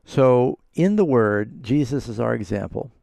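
A man's voice: medium pitch, expressive, unhurried, vocal fry, dark tone, dry recording. A man hosting a call-in radio Bible program as pastor, explaining scripture in an earnest, conversational way.

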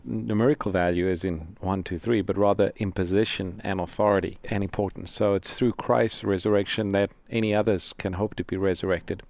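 A male pastor co-hosting a radio program. His voice is low and gravelly and sounds dry and close, and he explains calmly. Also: brisk, few pauses, no echo. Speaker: pastor and co-host.

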